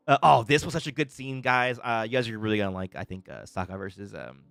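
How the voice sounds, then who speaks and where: A young man hosting a live stream, reacting to a trailer with excited, stammering restarts and frequent laughter, greeting viewers in chat. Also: lowish voice, fairly quick, vocal fry, smooth, no room sound, faint music behind. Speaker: livestream host reacting to a trailer.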